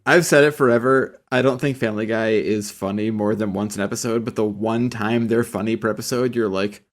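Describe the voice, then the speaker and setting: A man's voice: fairly low pitch, steady tone, brisk. A man co-hosting a podcast in casual chat, opinionated and riffing on pop culture. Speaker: podcast co-host.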